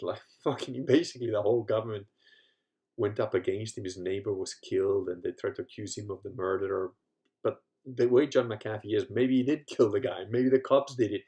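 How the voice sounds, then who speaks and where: Hosting a casual livestream, a man with a lowish, mellow voice rambles, curses and laughs frequently. He's a podcast host, tired from being on his feet all day and troubled by leg cramps.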